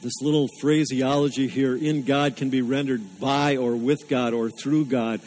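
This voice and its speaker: A man's voice: medium pitch, steady tone, measured pace, a little mellow, poor audio. A man preaching a sermon, earnest and emphatic, repeating phrases for weight. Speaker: pastor.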